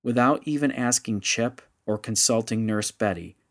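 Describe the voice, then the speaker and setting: A man narrating a story in a measured, steady audiobook style. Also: mid-range voice.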